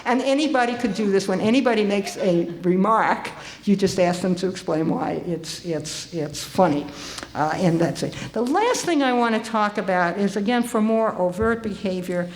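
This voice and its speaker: Older woman, conference speaker; lively, conversational delivery with ums and restarts. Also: medium pitch, normal speed, a little hiss or hum. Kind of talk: conference talk. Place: conference hall.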